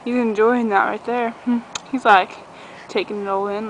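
A woman's voice: a little high, steady tone, moderate pace. Bubbly young woman vlogging outdoors. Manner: bubbly, rambling, giggly. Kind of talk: casual vlog chat. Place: outdoors on a backyard trampoline. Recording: noisy outdoor camcorder audio. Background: outdoor ambience with a dog barking.

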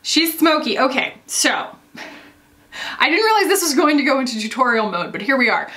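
In a casual makeup tutorial, a beauty vlogger with a high-pitched, bright, forceful voice chats animatedly at normal speed. She rambles, leans heavily on "like," and explains each step as she applies her makeup.

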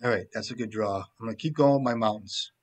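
Man muttering profane card-game commentary. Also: fast talker. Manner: profane, joking, trailing off into low mumbles. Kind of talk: casual commentary while playing.

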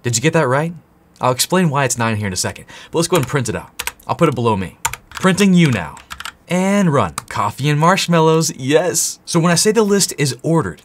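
An excitable man from the United States teaches coding, joking and talking straight to the viewer. His pitch swings widely as he goes. Keyboard typing sounds in the background. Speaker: coding instructor. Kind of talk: enthusiastic tutorial.

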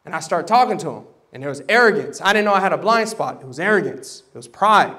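A man preaching a sermon, animated and dramatic, acting out voices and swinging from loud bursts to hushed tones. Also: high-pitched, quick pace. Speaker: pastor. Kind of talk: sermon storytelling. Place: church service.

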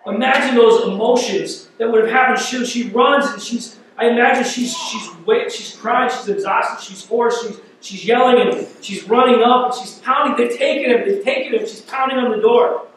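In an echoey church hall, heard through a distant mic with slight background noise, a pastor preaches at normal speed. His voice is very high and fairly bright. He retells a scripture story vividly, repeating words as he grows more intense.

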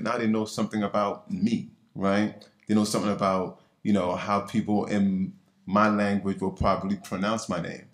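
A man with a Nigerian accent talks on a panel in an echoing hall. His voice sits low. His storytelling is lively and playful, full of rhetorical asides. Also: moderate pace. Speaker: orthopaedic surgeon. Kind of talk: panel discussion. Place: symposium lecture hall. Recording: echoey conference hall on a mic.

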